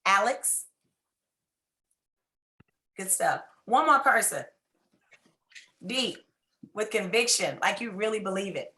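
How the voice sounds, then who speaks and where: Bright, fervent woman giving affirmations. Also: mid-range voice, animated, slow pace, pauses often. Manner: fervent, preacher-like, coaxing the audience. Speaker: speaker at a women's symposium. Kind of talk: motivational talk with affirmations. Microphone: video call.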